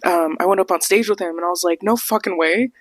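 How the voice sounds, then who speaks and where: This young woman's voice sits fairly low and moves at a quick pace as she hosts a podcast storytime. She's animated, laughs a lot, and performs the quotes, with no room sound in the clip.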